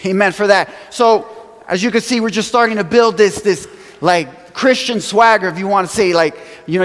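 A man preaching a sermon, telling stories with animated acted-out quotes and chuckles, from a church sanctuary. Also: high-pitched, normal speed. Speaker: pastor. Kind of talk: sermon storytelling. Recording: long hall reverb.

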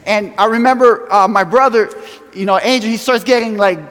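A man with a high voice preaches a storytelling sermon. He acts out quotes and chuckles as he goes. A long reverb trails his words, as in a large church sanctuary. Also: fairly even intonation, brisk, a bit bright. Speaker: pastor.

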